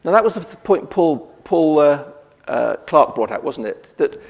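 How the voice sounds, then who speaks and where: Preacher in a reverberant hall. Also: male voice, on the high side, very animated, normal speed, creaky, darkish tone. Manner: conversational, with frequent restarts and rhetorical questions. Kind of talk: sermon. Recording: long reverb of a church hall.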